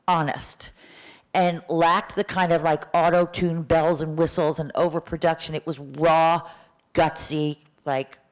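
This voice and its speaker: A woman's voice: deep voice, low-quality recording. A woman in her sixties, a voice teacher, telling stories in a chatty way to an audience in a lecture room, with many restarts. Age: 60s. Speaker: voice teacher giving a talk. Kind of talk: live symposium talk.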